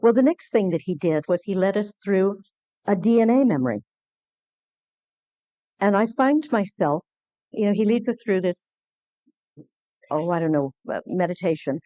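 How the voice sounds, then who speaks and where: A woman speaking at a conference, telling an earnest personal story with many halting restarts. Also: mid-range voice, lively intonation, dark tone, no echo. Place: conference hall lecture.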